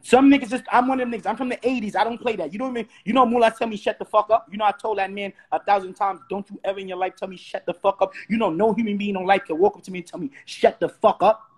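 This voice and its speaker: A man from Brooklyn, ranting heatedly on a live stream. His voice is husky and sits high for a man, and he talks fast, repeating rhetorical questions again and again. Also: fairly even intonation. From Brooklyn, New York. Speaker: host. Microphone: phone or webcam on a live stream.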